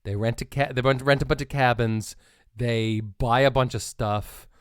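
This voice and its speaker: A man's voice: mid-range voice, moderate pace, clean tone, dry recording. American guy podcasting, goofy and rambly, lots of ums, dry close sound. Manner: joking, animated storyteller with many fillers. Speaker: podcast co-host. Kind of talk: casual chat.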